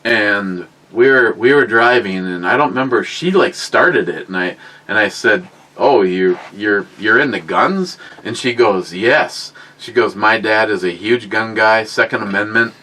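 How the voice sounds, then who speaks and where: A man's voice: lowish voice, a little slow, sharp tone, poor audio. A middle-aged man telling crude, rambling, self-mocking stories on a casual podcast. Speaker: podcast co-host. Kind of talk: casual storytelling chat.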